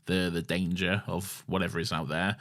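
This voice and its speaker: A man with a fairly low voice chats casually as a podcast co-host, swearing freely and putting on the characters' lines as he recaps the story. He talks in a loose, joking way with his co-host. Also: flat delivery, normal speed, fairly bright tone. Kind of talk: casual chat recapping an episode.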